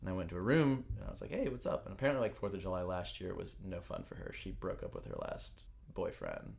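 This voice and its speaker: Man, podcast co-host, casual chat, lowish voice, jokey rambling storyteller. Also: animated, fast talker, vocal fry, a little mellow. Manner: joking, laughs often, rambling storyteller. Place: New York.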